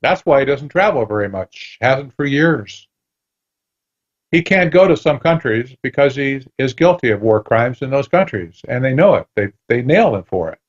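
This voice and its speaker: Heard in lo-fi sound, a medium-pitched man speaking at normal speed joins a radio interview as a guest author, telling stories with animation and acting out dialogue.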